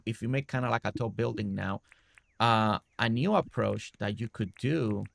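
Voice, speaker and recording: A man's voice: on the low side, gravelly, fairly bright tone, no room sound. A man streaming a game, casually talking through a building tutorial step by step and often checking in with "right?".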